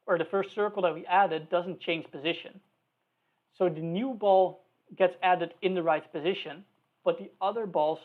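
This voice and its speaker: Coding tutor, slow talker, thinks aloud, fixes own slips, phone-like tinny audio. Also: medium pitch. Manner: thinks aloud, self-correcting, spelling out code. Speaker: programming instructor.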